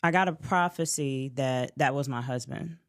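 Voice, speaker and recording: Low-voiced woman sharing her story. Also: moderate pace, dry recording, studio quality. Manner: candid, emotional storytelling with many fillers. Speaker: podcast co-host. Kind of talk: casual chat.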